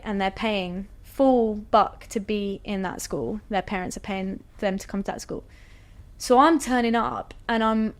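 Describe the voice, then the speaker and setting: Chatty woman telling a story. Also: on the high side. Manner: animated, chatty, frequent "like" and "you know". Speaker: guest athlete. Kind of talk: casual storytelling interview.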